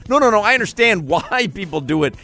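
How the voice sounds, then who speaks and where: A man's voice: sits high, animated, quick pace, vocal fry, sharp tone, faint music behind. A man hosting a sports radio show, joking and teasing his co-hosts in casual banter. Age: adult parent.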